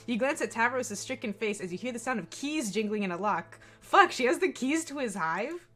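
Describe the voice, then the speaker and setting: A woman streaming a game, reading its narration aloud with animated, laughing asides. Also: a little high, brisk, hardly any pauses, faint music behind. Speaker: let's play streamer. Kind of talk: reading a visual novel aloud with commentary.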